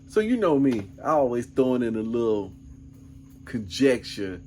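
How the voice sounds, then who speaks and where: A man's voice: mid-range voice, big pitch swings, moderate pace, darkish tone, a little hiss or hum. A middle-aged man vlogging, telling a rambling, laid-back story full of asides. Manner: laid-back, rambling, peppered with "man" and "you know what I'm saying". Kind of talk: casual storytelling.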